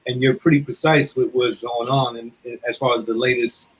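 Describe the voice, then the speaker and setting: Husky mid voice guy cohosting, polite, lots of ums. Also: medium pitch, fairly even intonation, a little fast, poor audio. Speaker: co-host. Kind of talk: casual chat.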